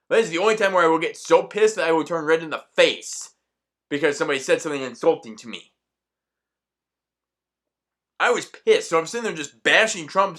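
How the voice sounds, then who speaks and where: A man's voice: on the high side, a bit bright. A man delivering an angry, profanity-laced ranting monologue as a vlogger.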